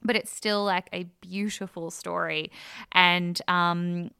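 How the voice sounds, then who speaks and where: Bright animated woman co-host. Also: lowish voice, slow pace, creaky, clear, resonant tone, no room sound, studio quality. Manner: animated, retells scenes acting out lines, laughs often. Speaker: podcast co-host. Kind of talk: casual chat reviewing a TV show.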